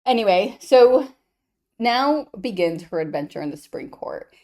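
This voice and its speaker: A woman's voice: medium pitch, unhurried. A woman co-hosting a podcast, chatting casually about a book and chiming in with jokes. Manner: relaxed and joking, chimes in with quips. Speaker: podcast co-host. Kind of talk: casual book recap chat.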